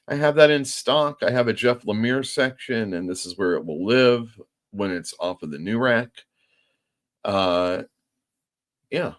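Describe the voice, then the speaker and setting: A man hosting a livestream show as a comic shop owner, chatty and self-mocking. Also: medium pitch. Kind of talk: casual livestream talk.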